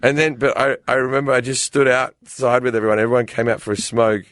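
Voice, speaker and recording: A man of medium pitch telling a comic anecdote on a podcast. He rambles and restarts his sentences, and he speaks into a dry, close studio mic. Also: level tone, fast, a bit bright, dry recording. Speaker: guest comedian. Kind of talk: casual podcast storytelling.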